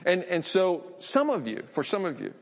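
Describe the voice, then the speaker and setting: A man's voice: high voice, wildly swooping pitch, moderate pace. Earnest man preaching in a reverberant hall. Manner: earnest, conversational, repeats words while thinking. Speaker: pastor. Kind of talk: sermon.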